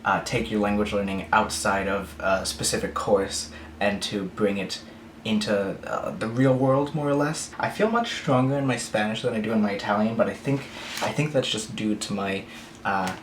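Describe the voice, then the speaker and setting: A man's voice: on the low side, moderate pace, reverberant, slight background noise. A man vlogging about learning languages, speaking carefully and a bit overpronounced while his mouth is sore after dental surgery. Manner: careful, slightly overpronounced speech. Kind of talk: casual talk to camera.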